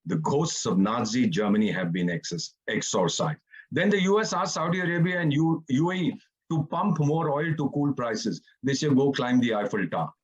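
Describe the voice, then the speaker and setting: A man's voice: fairly high pitch, very animated, moderate pace, husky, dull audio. A man in his seventies giving a sarcastic, theatrical panel talk with mocking asides, over a video call. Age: 70s. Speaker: retired ambassador, panelist.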